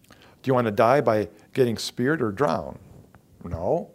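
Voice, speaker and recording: A man preaching a Bible sermon in an earnest, steady manner. His voice sits in an ordinary middle range, and he drives points home by repeating short phrases, rising and dropping in intensity. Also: mid-range voice, a little slow. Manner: earnest, repetitive emphasis, rising and falling in intensity.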